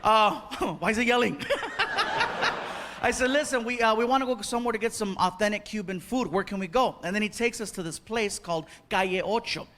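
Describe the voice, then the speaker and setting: A man doing stand-up storytelling, animated and laughing, breaking into loud impressions. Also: sits high, a little fast. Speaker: stand-up comedian. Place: on stage before a live audience. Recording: crowd laughter and noise.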